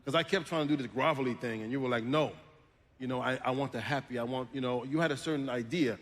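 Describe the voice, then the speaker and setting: A man's voice: medium pitch, fast. French-native man telling stories. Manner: storytelling, laughs often. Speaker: voice actor. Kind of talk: panel conversation. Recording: echoey hall.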